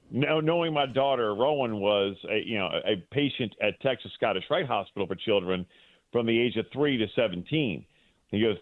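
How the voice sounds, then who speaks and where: Excitable man on a tinny phone line. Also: lowish voice, normal speed, no room sound. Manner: emotional, rambling storyteller with many restarts. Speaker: sports broadcaster guest. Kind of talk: casual radio interview.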